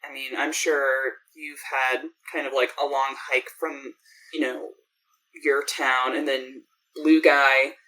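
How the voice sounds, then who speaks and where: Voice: medium pitch, flat delivery, takes it slowly, bright, forceful tone, rough recording. A game master doing a worn-out sarcastic clown medic woman. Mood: apologetic. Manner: dry, weary and sarcastic, trails off often. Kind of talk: tabletop game role-play.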